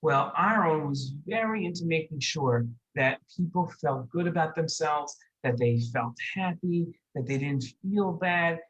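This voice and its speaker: A children's Torah teacher telling a lesson story, gentle and repeating words for emphasis. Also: medium pitch, lively intonation, a little slow, hardly any pauses, dull audio.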